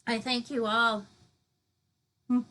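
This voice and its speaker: A woman's voice: on the high side, little pitch movement, slow, pushed and bright, poor audio. A woman hosting a spiritual meditation stream, chatting effusively with viewers, laughing often and reading out their comments. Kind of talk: live-stream closing chat with viewers.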